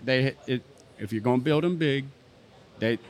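A man's voice: medium pitch, normal speed. A man in casual chat, making his points emphatically with stammering restarts.

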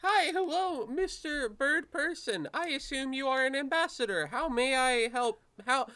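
A man voicing a nervous young male ambassador who stammers in a high, flustered voice. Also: lively intonation, measured pace, pushed and bright, heavily acted.

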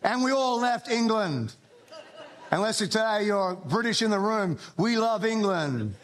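A man's voice: high voice, animated, measured pace, fairly bright tone, a little hiss or hum. A man with an Australian accent preaching a sermon to a church congregation, talking conversationally with humorous asides and frequent restarts. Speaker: pastor.

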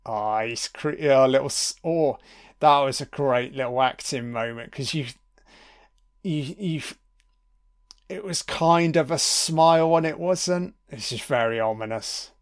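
A man talking through a film in a loose, sweary, wry way. He takes his time, with plenty of pauses. His voice sits mid-range and sounds clear and smooth. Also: mid-range voice. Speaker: film commentator. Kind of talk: casual audio commentary over a film.

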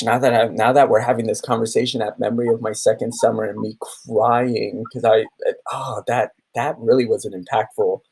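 A man in his thirties talks on a podcast, recounting his camp memories. He tells them in an animated way, restarting often and acting out what others said. His voice sits at a middle pitch. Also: breathy edge, rough recording. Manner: animated storytelling with many restarts and acted quotes. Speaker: camp theater director. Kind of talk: podcast conversation.

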